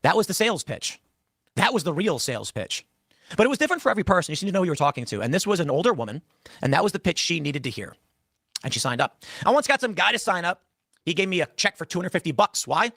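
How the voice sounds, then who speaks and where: A young adult man telling an animated story, acting out the dialogue with shifting voices. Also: high-pitched, quick pace, no echo, clean studio sound. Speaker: podcast host telling a story.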